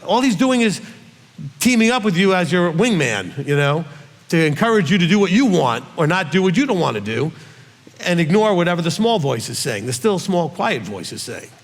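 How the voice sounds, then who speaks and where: A man with a fairly high voice leads a conversational scripture Q&A as a rabbi. He presses his points hard and keeps asking "okay?". His voice carries a long hall reverb. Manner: emphatic, ends points with "okay?". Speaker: rabbi teaching a Q&A. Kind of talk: conversational Bible teaching.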